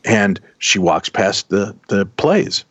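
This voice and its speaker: Low-voiced man spinning a long yarn. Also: slow, husky, no room sound. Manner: animated anecdotal, voices quoted people. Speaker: podcast guest telling a story. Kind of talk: casual storytelling. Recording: dull, dry close sound.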